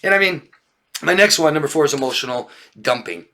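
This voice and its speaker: A man talks casually as a relationship coach, his voice bright and keen. He keeps checking in with listeners with a "yeah?" or "right?", laughs often, and slips into raised, mocking voices to act out friends. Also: fairly high pitch, expressive, fairly quick. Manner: occasional swearing. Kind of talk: casual talk to viewers.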